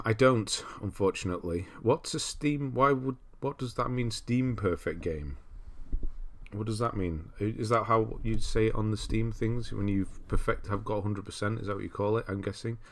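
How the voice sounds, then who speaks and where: Lower-voiced british guy rambling on his stream, greeting chat one by one. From Britain. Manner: chatty, greets chat viewers by name, rambling. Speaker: livestream host. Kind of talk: casual livestream chat. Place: cold room at home.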